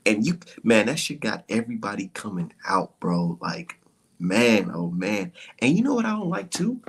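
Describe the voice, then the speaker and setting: A man's voice: on the low side, big pitch swings, normal speed, breathy edge. A man hosting a casual boxing talk show, ranting in a profane, mocking way and dropping into whispery mock voices to imitate others. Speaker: boxing commentary vlogger. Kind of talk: heated casual rant.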